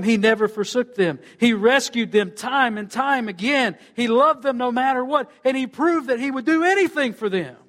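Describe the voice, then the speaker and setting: High-voiced preacher, swooping delivery. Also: male voice. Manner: preaching with wide swings in pitch and loudness, dropping low and quiet at phrase ends. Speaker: pastor. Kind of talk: sermon.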